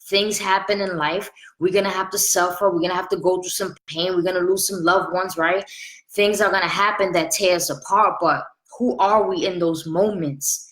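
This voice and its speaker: Woman, late 30s, life coach, earnest chatty delivery, slightly low voice, roomy sound. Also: fairly even intonation, normal speed, fairly bright tone. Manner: earnest and conversational, repeats phrases for emphasis. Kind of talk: casual motivational talk.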